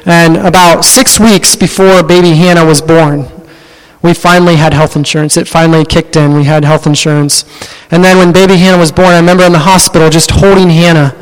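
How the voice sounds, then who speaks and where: A young man from Ohio tells a story from his own life to a live audience, animated and poking fun at himself. His voice sits high and sounds smooth and clear. Long reverb rings around him in a big hall. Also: brisk. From Ohio, USA. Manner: animated, self-deprecating storytelling. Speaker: speaker giving a personal testimony.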